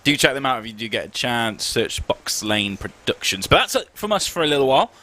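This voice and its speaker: Bright, bouncy commentator guy. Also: mid-range voice, brisk. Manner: upbeat, excitable banter. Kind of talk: live event commentary.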